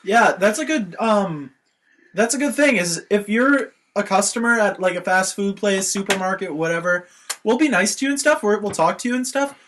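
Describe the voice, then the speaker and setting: A man's voice: sits high, animated, moderate pace, a bit bright, a little hiss or hum. A young man co-hosting a podcast, chatting and joking casually. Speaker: podcast co-host. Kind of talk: casual chat.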